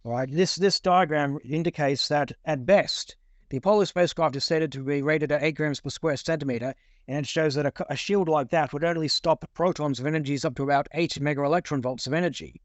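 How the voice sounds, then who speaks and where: A man's voice: a little high, fairly quick, no echo. A man in casual discussion, rambling with many repeated words and fillers while reading out passages.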